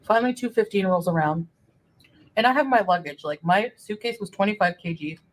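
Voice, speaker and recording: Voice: mid-range voice, brisk, low-quality recording. A vlogger telling a rambling, chatty travel story while eating on camera. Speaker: vlogger in clip.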